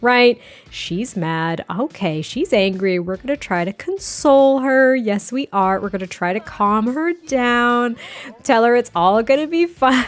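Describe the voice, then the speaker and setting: A woman's voice: fairly high pitch, animated, measured pace, soft background music. A young woman giving casual, chatty gameplay commentary, giggling often and restarting her sentences. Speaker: gaming creator.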